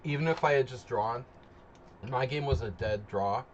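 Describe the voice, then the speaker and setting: A man at a medium pitch and normal speed chats casually with his stream chat while setting up a live chess simul, still a little tired from a nap. His talk rambles, and the audio is dull with slight background noise.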